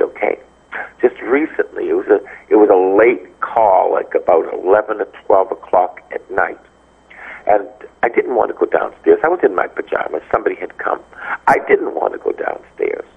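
A man's voice: fairly low pitch, moderate pace, creaky, breathy edge. A man, a priest, giving a Bible teaching on the radio, telling stories and acting out the people he quotes. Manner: animated storytelling, acts out quoted dialogue. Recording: dull lo-fi radio sound.

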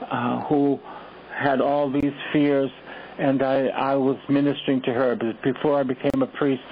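A man preaches a sermon as a priest, driving points home with repeated lines and direct questions to the listener. His voice sits at a middling pitch. The sound is thin and phone-like, as if broadcast over radio, with a faint hiss underneath. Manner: repetitive exhortations, rhetorical questions.

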